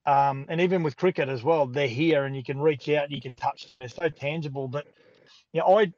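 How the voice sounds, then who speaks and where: A man's voice: on the high side, a little fast, a little mellow, no room sound, highs cut off. A man with an Australian accent chatting casually as a radio guest, rambling and restarting his thoughts. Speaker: guest sports commentator.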